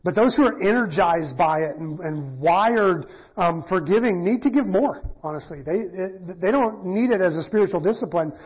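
A middle-aged pastor teaching in a casual, self-deprecating sermon, often acting out quoted voices. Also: male voice, sits high, animated, moderate pace, husky. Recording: dull lo-fi church audio.

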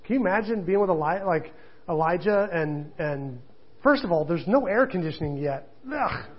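A man's voice: sits high, animated, moderate pace, slightly rough, dull audio. Chatty man preaching a casual sermon. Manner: conversational, self-deprecating storytelling with laughter. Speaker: pastor.

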